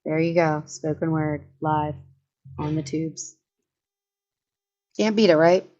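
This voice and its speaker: Woman, livestream commentary, chatty, sarcastic, somewhat low voice, dull lo-fi audio. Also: steady tone, slow pace, darkish tone. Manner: chatty and sarcastic, frequent laughs and self-interruptions. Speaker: commentary streamer.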